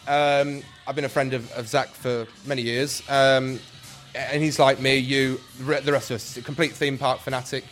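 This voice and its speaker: A man's voice: mid-range voice, flat delivery, moderate pace, a bit bright. A man who runs a scare attraction, answering interview questions in a rambling way with many ums and restarts. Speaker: attraction creator. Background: faint music.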